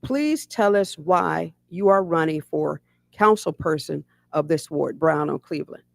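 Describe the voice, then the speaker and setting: Gravelly woman hosting a podcast interview. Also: low-pitched, expressive, no echo. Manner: formal, deliberate questioning. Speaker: podcast host. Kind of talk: interview questions.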